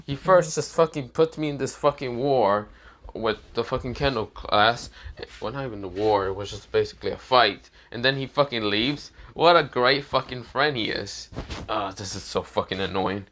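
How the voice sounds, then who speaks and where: A man's voice: medium pitch, normal speed, fairly bright tone, a little hiss or hum, close to an everyday voice. A man voicing a cold, blunt young swordsman who swears often and rambles dismissively, in a casual spoken fan story. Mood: annoyed.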